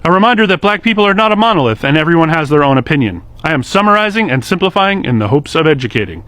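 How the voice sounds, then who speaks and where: With a slightly high voice, big pitch swings and a quick delivery, this man sounds fairly bright on a dry recording. He hosts a short social media explainer series, giving a scripted, direct-to-camera monologue that's earnest with light sarcasm.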